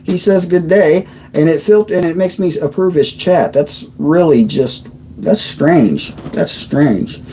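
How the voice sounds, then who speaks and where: Seated at his desk on a squeaky old chair, a thirtysomething livestream host chats casually, meandering and leaving sentences unfinished. He speaks slowly in a fairly high, mellow voice, and the low-quality audio has a slight hiss or hum.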